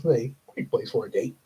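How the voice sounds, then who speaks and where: Slow, rambling man. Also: medium pitch, big pitch swings, mellow, husky. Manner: rambling, chuckles often, many fillers. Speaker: livestream host. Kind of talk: casual livestream chat. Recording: dull lo-fi stream audio.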